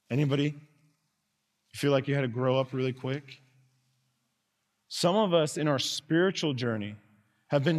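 A man preaching a sermon as pastor, earnest, dropping to soft tones and rising to loud calls. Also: on the high side. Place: church sanctuary. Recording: long reverb of a large hall.

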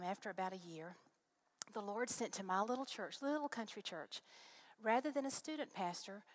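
A middle-aged woman, appearing as a guest speaker, shares her faith story with a congregation in a testimony sermon. Her medium-pitched voice is earnest and animated, rising when she gets excited.

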